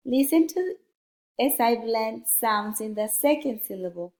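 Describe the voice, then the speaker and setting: A woman teaching a phonics lesson to young children, sounding out letters one at a time in a slow, deliberate way. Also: fairly high pitch, lively intonation, a little mellow, roomy sound.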